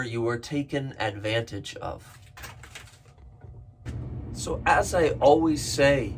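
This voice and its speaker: A man teaching English phrasal verbs, repeating each example slowly and clearly for learners. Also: medium pitch, a little hiss or hum. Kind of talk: slow, deliberate lesson delivery.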